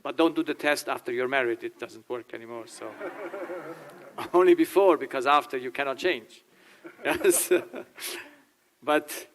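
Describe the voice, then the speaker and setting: A man's voice: medium pitch, unhurried, pauses often, slight background noise. An older man, a German-speaking family therapist, talks to a church audience in English, laughing and acting out little dialogues. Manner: animated, laughing, acts out dialogue in changing voices. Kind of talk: informal talk with acted quotes.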